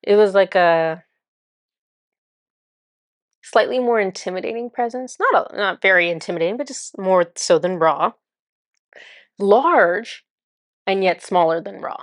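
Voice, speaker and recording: A woman's voice: mid-range voice, unhurried, long pauses, dry recording, clean studio sound. A woman telling a spiritual experience in casual first person, chatty and full of "like" and "um". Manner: chatty, says "like" and "um" often. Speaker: spiritual channeler.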